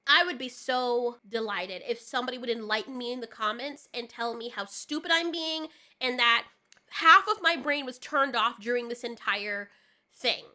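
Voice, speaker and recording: A woman's voice: a little high, normal speed, pushed and bright. A woman ranting in a profane, exasperated reaction commentary, often sputtering and laughing as she reviews a TV finale. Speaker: video reviewer.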